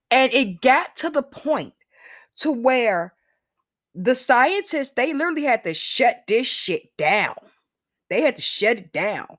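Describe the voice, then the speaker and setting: A woman's voice: on the high side, no room sound, studio quality. A woman hosting her own solo podcast, talking casually and emphatically to her listeners with slang and direct asides. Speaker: podcast host.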